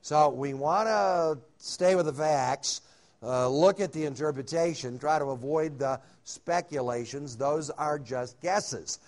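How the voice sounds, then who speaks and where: A man's voice: fairly high pitch, unhurried. Male Bible conference speaker, folksy sermon delivery, filler-heavy, jokes along the way. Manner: folksy, with frequent "uh" fillers and humorous asides. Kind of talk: sermon-style Bible teaching. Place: hotel conference room.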